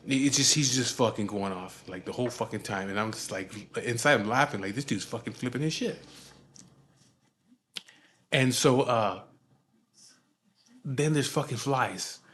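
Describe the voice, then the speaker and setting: A man's voice: mid-range voice, normal speed, fairly bright tone. A man telling a story in a casual, profane, laid-back way.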